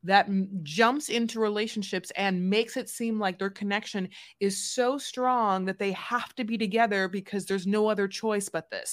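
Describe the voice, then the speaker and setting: A woman co-hosting a podcast who rants with heavy emphasis, stretching out her key words. Her voice is a little high, and the close new mic keeps the sound dry and near. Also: a bit bright, no echo. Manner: emphatic, ranting, drawn-out stresses. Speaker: podcast co-host. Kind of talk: casual recap chat.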